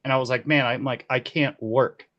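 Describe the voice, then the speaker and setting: A key grip in his forties, appearing as an interview guest, tells casual stories with lively energy at normal speed, often laughing and taking on the voices of people he quotes. His pitch is in an ordinary middle range. The recording is a little dull and lo-fi.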